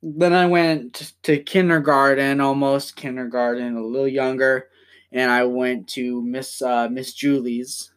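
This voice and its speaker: A young man hosting a casual podcast from home, rambling and swearing as he talks in quick bursts. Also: medium pitch, steady tone, clean tone. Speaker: podcast host.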